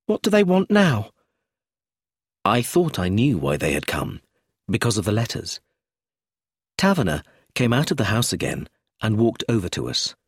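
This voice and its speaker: A man reading a novel aloud as an audiobook narrator, in an expressive scripted way. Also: lowish voice, moderate pace, slightly rough, dry recording, clean studio sound.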